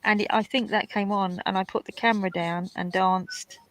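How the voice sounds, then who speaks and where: A woman's voice: medium pitch, steady tone, normal speed, no echo. A woman from the UK hosting a live colouring stream, chatting and laughing with guests over a video call. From United Kingdom. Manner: chatty, laughs often, tells stories. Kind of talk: casual chat on a video call.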